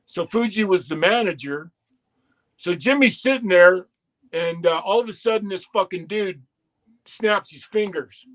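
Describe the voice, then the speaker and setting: A man's voice: high-pitched, unhurried, a bit bright. A man telling a long, profane story in casual podcast chat, quoting people as he goes.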